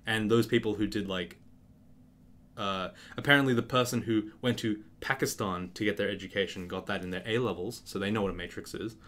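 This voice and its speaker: Young male gaming host, lowish voice, animated storyteller who swears and acts out scenes, keyboard clicks behind. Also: brisk. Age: young adult. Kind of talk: casual storytelling and game commentary.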